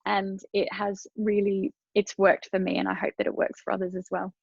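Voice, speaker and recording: A woman talking as a podcast guest, giving earnest and animated advice in a casual interview. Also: mid-range voice, normal speed, vocal fry, husky, dry recording, muffled recording.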